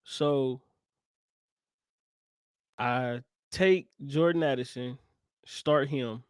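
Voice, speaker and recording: A man's voice: mid-range voice, extremely slow, clear, resonant tone, no echo. Easygoing upbeat podcast man, dry sound. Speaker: podcast co-host. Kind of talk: casual chat.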